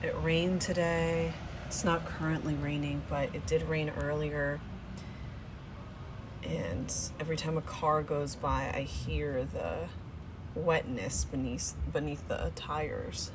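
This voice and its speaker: A woman talks to her camera in a small apartment kitchen, relaxed and rambling as she cooks. Her voice sits somewhat low, and she takes her time. A faint background hum stays behind her. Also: takes it slowly. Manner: relaxed, rambling, thinks aloud. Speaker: vlogger cooking at home. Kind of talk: casual talking-to-camera chat while cooking.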